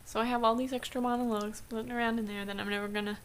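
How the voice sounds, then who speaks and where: Chatty young woman, higher voice. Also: flat delivery, very fast, slight background noise. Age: young adult. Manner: chatty, rambling with many restarts and "like". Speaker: vlogger. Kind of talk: casual vlog chat. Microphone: camera mic.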